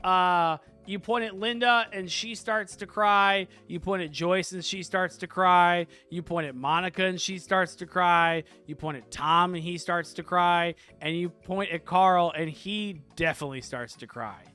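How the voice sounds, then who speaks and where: A man's voice: high voice, measured pace, few pauses, pushed and bright, clear, resonant tone, faint music behind. A man narrating a comedic tabletop game as game master, rambling and playful, with frequent fillers.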